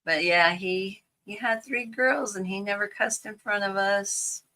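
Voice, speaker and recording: A woman's voice: mid-range voice, fairly even intonation, unhurried, sharp tone, poor audio. An older woman chatting casually while crafting at home, rambling through a family story and laughing easily. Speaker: craft vlogger.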